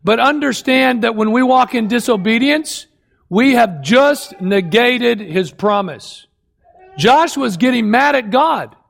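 A man preaching a sermon in an unusually high voice with a gravelly edge. He leans hard on his points and repeats key phrases for effect. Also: animated, slow pace, fairly bright tone. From United States. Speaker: pastor.

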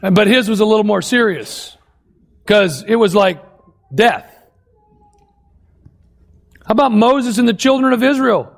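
A man's voice: high voice, unhurried, creaky, long pauses. A man preaching a sermon, emphatic and repeating key phrases for effect. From United States. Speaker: pastor.

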